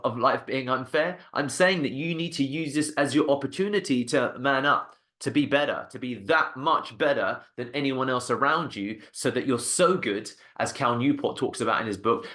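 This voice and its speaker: A man's voice: mid-range voice, a bit bright. Agency founder, male, mid-range voice; punchy, repetitive motivational delivery. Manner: emphatic, repeats for stress, frequent "okay?". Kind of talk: motivational talk to camera.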